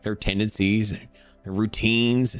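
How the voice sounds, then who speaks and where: A man hosting a crypto show, ranting in a casual motivational way, animated and full of repeated words, acting out other people's voices. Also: lowish voice, slow, soft background music. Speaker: crypto channel host.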